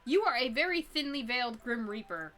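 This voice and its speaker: Animated woman streamer joking over a game. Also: fairly high pitch, fairly quick, soft background music. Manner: animated, jokey asides. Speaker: let's-play streamer. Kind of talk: playful game commentary.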